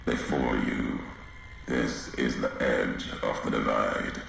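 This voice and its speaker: An actor playing a grim, brooding male wanderer in a video game, speaking in slow, solemn fragments with a deep gravelly voice. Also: steady tone, fairly bright tone, very echoey, slight background noise, heavily acted.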